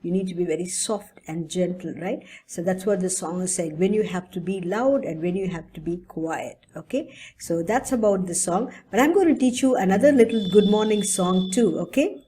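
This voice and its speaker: Woman, children's teacher; soft, warm tone, patient, keeps checking her pupils follow. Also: lowish voice, moderate pace, slight background noise. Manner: patient and explanatory, often checks in with "okay?" and "right?". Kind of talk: online English lesson for young children.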